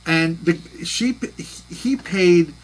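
A man's voice: high-pitched, takes it slowly, rough recording. A man co-hosting a comedy podcast, talking animatedly and picking apart the story's details. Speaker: podcast co-host. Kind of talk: casual comedic chat.

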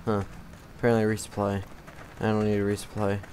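A man's voice: on the low side, monotone, brisk. Self-mocking man rambling over gameplay. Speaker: gamer. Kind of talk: casual gameplay commentary. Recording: noticeable background noise.

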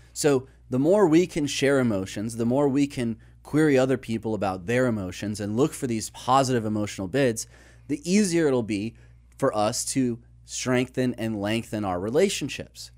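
A man's voice: medium pitch, normal speed, a little mellow. Podcast guy explaining research, lists things out, tells little stories to make his point. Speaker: podcast co-host.

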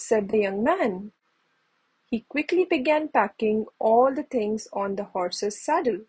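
A woman reading a children's bedtime story aloud in a gentle storytelling manner. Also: a little high, expressive, slow pace, slightly rough, rough recording. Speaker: storybook reader.

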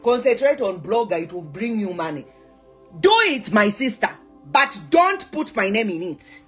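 A woman's voice: mid-range voice, big pitch swings, normal speed, fairly bright tone, husky, faint music behind. A Zambian woman ranting on her vlog, scolding someone, switching between English and local words with mocking repeats. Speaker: social media influencer. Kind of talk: heated vlog rant.

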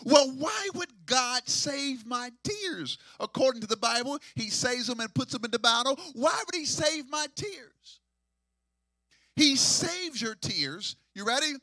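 Bright high-pitched preaching man, dry. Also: expressive, measured pace, dry recording. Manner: call-and-response preaching, swinging from hushed to near-sung shouts. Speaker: pastor. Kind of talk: sermon.

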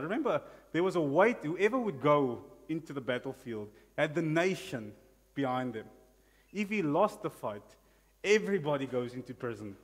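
A South African pastor preaching an animated sermon, often calling out hallelujah and amen. His voice sits fairly high for a man and carries through the long reverb of a church hall. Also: moderate pace. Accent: South African English.

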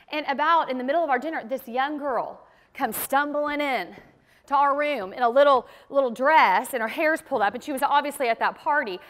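A woman's voice: sits high, a bit bright, big-room sound. A woman teaching a sermon in church, telling stories in a casual, conversational way and acting out the voices she quotes. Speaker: women's ministry teacher. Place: church sanctuary.

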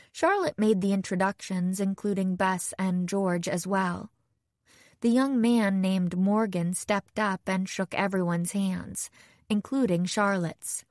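A woman reading a first-person audiobook in a measured, clear storytelling manner. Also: mid-range voice, fairly even intonation, no room sound, studio quality. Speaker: audiobook narrator.

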